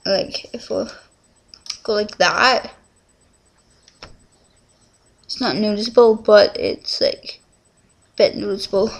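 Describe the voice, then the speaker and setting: A woman's voice: medium pitch, a little slow, creaky. A teenage girl, rambling through a casual confessional vlog at home, full of fillers and restarts. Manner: rambling, scattered, many fillers. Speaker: vlogger.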